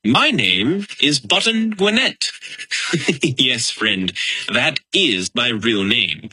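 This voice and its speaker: Brief: man as an honor-bound revolutionary, emphatic slow telling, lively pitch. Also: a little hiss or hum, full character voice, poor audio. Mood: proud. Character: proud, honor-bound Georgia signer, fiery man. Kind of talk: first-person historical monologue.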